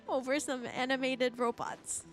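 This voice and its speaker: A woman VTuber chats with her viewers while she plays a game. Her voice sits high and she talks in a gushing, giggly way. Faint game music plays underneath. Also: a bit bright. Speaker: VTuber streamer. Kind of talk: casual gaming stream chat.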